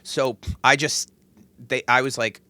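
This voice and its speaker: Bright-voiced man rambling through a story. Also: mid-range voice, fairly even intonation, unhurried, no room sound. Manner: rambling, self-interrupting, swears and laughs while telling stories. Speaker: podcast host. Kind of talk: casual storytelling chat.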